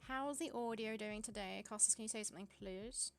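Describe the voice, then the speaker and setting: Woman streamer, casual playful chat, a gravelly, fry-tinged voice, faint music behind. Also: medium pitch, a little fast. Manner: playful, checking audio levels. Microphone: desk mic.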